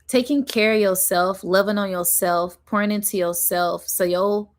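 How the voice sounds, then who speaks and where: A woman giving an intuitive spiritual reading to her viewers, chatty and giggly, drawing out words slowly as she channels. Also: mid-range voice, fairly even intonation. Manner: chatty, giggly, talks straight to her audience. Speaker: spiritual energy reader.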